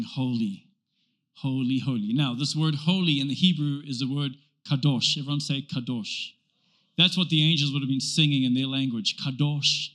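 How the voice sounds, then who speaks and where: A man preaching a sermon to a church, animated and emphatic, driving points home with repetition. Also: high voice. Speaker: pastor.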